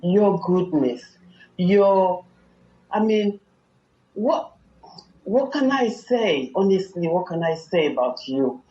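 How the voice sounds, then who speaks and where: A woman's voice: on the low side, dark tone, reverberant, muffled recording. A woman on a call speaking effusively and gratefully, often saying amen. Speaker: caller. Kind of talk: casual phone chat.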